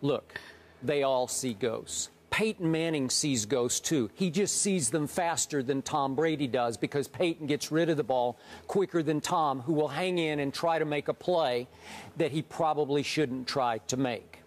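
A man arguing his point as a sports debate show host, growing emphatic and rising in pitch as he presses it. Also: a little slow. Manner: emphatic, rises in pitch when worked up.

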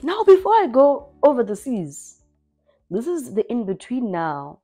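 A young South African woman telling her own story in an expressive, lively way, as a personal vlog. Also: on the high side, unhurried, faint music behind. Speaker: vlogger.

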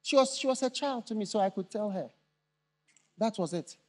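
An older man preaching a live sermon in a large church, asking the congregation questions for them to answer and bursting into shouted emphasis. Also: sits high, animated, normal speed. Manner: call-and-response questions to the congregation. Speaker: bishop preaching.

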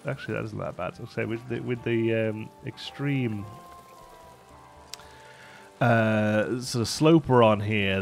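A man's voice: medium pitch, creaky. Chatty man narrating his gameplay. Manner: chatty, rambling, laughs often. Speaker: let's play host. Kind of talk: casual gameplay commentary.

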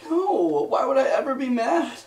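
A young man in a casual couple vlog, talking in an earnest, halting, soft-spoken way. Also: very high voice, big pitch swings. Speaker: vlogger's partner. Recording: echoey room, mic at a distance.

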